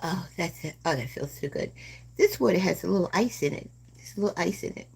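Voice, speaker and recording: A woman in her seventies hosting a live stream, chatting slowly and gently with viewers and calling them "my dear love.". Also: lowish voice, expressive, vocal fry, slightly rough. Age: 70s. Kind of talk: casual chat with live viewers.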